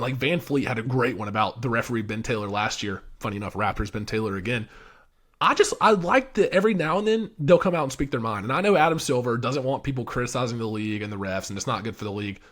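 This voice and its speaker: Fast-talking man rattling off stats. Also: mid-range voice, fairly bright tone. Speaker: podcast co-host. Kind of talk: casual sports talk.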